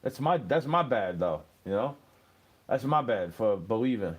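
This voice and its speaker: A man's voice: fairly low pitch, expressive, unhurried. A man in his thirties hosting a podcast, telling stories in a casual, rambling monologue. He swears freely and keeps laughing at his own jokes. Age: 30s. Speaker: podcast host.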